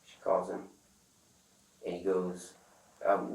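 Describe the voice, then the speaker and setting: A man telling a rambling, profane story in casual talk, acting out the other people's lines loudly. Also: low-pitched, steady tone, brisk, vocal fry. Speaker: interviewee. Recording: echoey room, far from the mic, faint noise.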